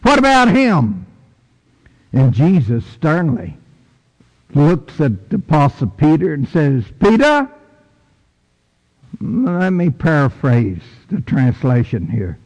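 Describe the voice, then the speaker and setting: A man preaching a sermon in a church, folksy and emphatic, with sudden high bursts for stress. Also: very animated, takes it slowly, dark tone. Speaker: pastor. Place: church sanctuary. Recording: long echo of a big hall.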